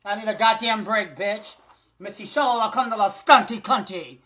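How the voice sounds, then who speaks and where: A woman ranting to her phone camera indoors, campy and profane, calling everyone "girl" and swinging between loud bursts and low muttered asides. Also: normal speed. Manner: brash, profane, campy, repeats "girl" and "honey" constantly. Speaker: vlogger. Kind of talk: sassy off-the-cuff rant to camera. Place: indoors, small room. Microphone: phone camera at arm's length.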